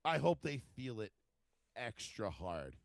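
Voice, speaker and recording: Profane, animated New man. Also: mid-range voice, takes it slowly, gravelly, dry recording. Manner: profane, animated storyteller acting out quotes. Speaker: podcast co-host. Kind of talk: casual chat, storytelling.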